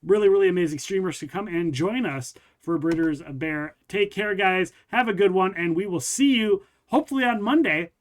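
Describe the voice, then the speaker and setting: A man with a notably high voice hosts a livestream. He is upbeat and promotional, talking directly to his viewers. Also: normal speed, few pauses. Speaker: podcast and stream host. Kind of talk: casual livestream chat.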